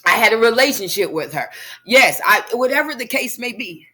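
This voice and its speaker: A woman's voice: a little high, lively intonation, moderate pace, pushed and bright, a little hiss or hum. Emphatic woman giving a motivational talk. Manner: emphatic, repetitive, preacher-like. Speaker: personal growth class director.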